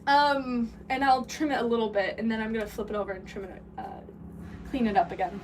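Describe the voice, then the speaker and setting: A woman's voice: on the high side, fairly even intonation. A young woman rambling casually and laughing as she chats with a live-stream audience from a pottery studio. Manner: rambling, chatty, quick to laugh. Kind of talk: casual live-stream chat while working. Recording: distant mic with background noise.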